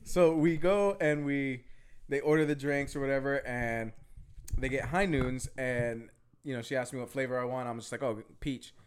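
A man's voice: medium pitch, fairly even intonation, moderate pace, clear, resonant tone. A young man co-hosting a podcast, telling a rambling story in loose casual chat and swearing freely. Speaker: podcast co-host.

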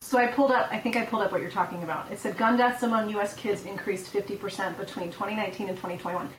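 A woman in a medium pitch talks casually as a podcast guest, mixing read-out figures with wry asides. She sits back from the microphone in a roomy space, with a faint hiss underneath. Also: steady tone, racing. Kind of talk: casual discussion. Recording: roomy, distant mic with faint noise.

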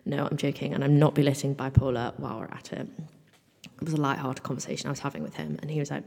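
A woman's voice: a bass voice, little pitch movement, quick pace, vocal fry, warm tone, long reverb tail. A woman in her mid-twenties hosting a solo podcast, chatty and rambling, full of "like" and casual swearing. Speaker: podcast host. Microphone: microphone, in front of a mirror.

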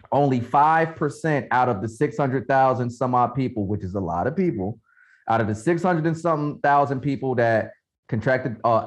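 Measured man explaining on a podcast. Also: mid-range voice. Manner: measured, explanatory, pushes back. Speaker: podcast co-host. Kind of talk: casual debate.

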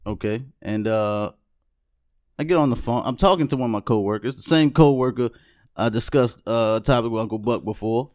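A man's voice: mid-range voice, a little fast, a little mellow, no room sound, studio quality. A young adult man hosting a casual podcast, telling a story in a laid-back way and often asking "you know what I'm saying". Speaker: podcast host.

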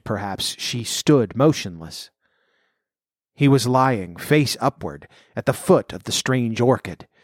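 A man narrating a classic story in an audiobook reading, measured and slowing in tense passages. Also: medium pitch, dry recording, clean studio sound.

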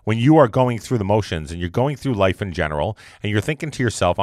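Rambling man with a low voice. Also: lively intonation, quick pace, a little mellow, no room sound, clean studio sound. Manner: rambling and repetitive, conversational. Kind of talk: casual motivational monologue.

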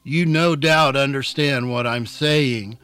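A man voicing a thoughtful, cautious middle-aged village priest who speaks gently and carefully in a novel reading. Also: mid-range voice, slow pace, clear, resonant tone, dry recording. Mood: earnest. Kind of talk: scripted narration.

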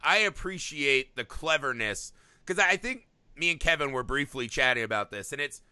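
A man co-hosting a casual podcast chat, animated and swearing freely as he riffs. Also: medium pitch, moderate pace, clear, resonant tone, no echo. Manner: animated, swears freely, jumps into shouted impressions. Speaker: podcast co-host. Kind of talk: casual chat about movies.

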